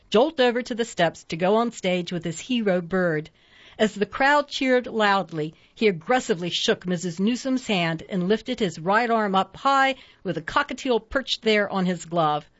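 A woman narrating a storybook at a steady pace, giving each character its own voice. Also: mid-range voice, no room sound. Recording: dull lo-fi dry recording.

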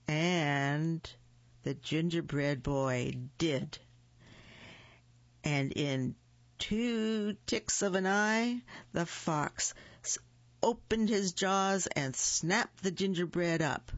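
A woman reads children's storybooks aloud in a deliberate, expressive way. Her voice is slow and gravelly. The recording is dry, dull and lo-fi. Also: deep voice, no room sound. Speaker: storybook reader. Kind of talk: reading children's books aloud.

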